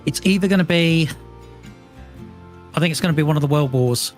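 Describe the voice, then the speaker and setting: A man's voice: fairly high pitch, fairly quick, soft background music. A man chatting casually while gaming, an amused trivia buff on a headset mic. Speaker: co-player.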